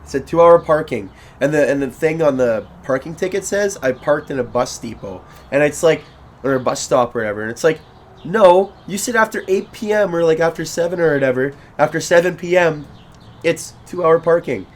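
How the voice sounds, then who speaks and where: A young man co-hosting a podcast in casual chat, telling stories in a lively way and laughing along. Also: fairly high pitch, brisk, slight background noise. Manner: animated, laughing storyteller. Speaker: podcast co-host.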